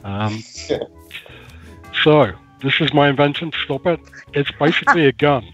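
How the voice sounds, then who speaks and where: A man dryly pitching a joke invention, poking fun at himself as a guest player. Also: animated, unhurried, a bit bright, muffled recording, faint music behind. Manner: dry, self-mocking delivery. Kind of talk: casual game chat.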